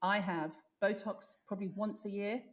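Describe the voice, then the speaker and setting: A woman in her fifties, a podcast guest telling stories in casual chat, blunt, sweary and animated. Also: medium pitch, normal speed. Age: 50s.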